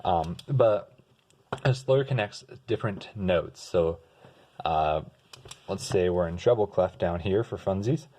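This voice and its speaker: A man's voice: deep voice, measured pace, a little hiss or hum. Laid-back young man teaching music terms. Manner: relaxed, sings example notes and restarts words. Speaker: music tutor. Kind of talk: casual explanatory lesson.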